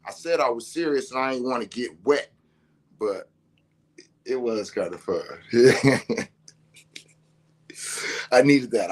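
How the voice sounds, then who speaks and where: Laughing, animated storytelling dad. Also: male voice, on the low side. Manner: animated, laughing through his words, swearing freely. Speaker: father telling a story. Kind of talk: casual storytelling to camera.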